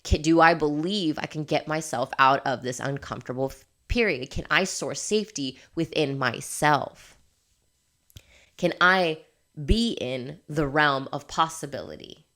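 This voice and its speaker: Low-voiced woman, candid motivational coach. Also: measured pace, fairly bright tone. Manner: candid, emphatic, swears freely, laughs often. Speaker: life coach. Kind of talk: motivational monologue.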